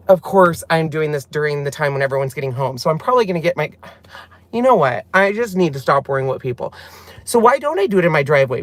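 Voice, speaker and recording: A man hosting a casual live chat from inside his car, excitable and laughing, admitting he is nervous. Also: high voice, dry recording. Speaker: vlogger hosting a live stream.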